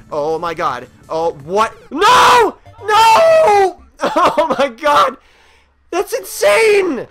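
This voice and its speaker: A high, bright male voice that swings widely in pitch as he panics, curses and urges his game character on. He talks at an unhurried pace between the bursts, with faint music behind him. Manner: excitable, swears, panicky outbursts. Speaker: gaming let's play host. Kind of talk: let's play commentary.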